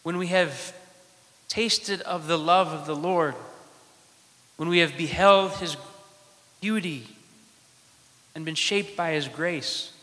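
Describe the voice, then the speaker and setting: A man who is a priest, preaching a sermon in measured phrases with dramatic pauses, in a church. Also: on the high side, fairly bright tone. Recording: long church reverb.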